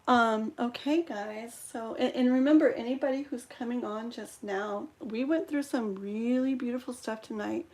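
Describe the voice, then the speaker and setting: Female live-stream host, fairly high voice, soft reassuring guidance with frequent "okay", hiccups between lines. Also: moderate pace, hardly any pauses. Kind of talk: live-stream healing ritual talk.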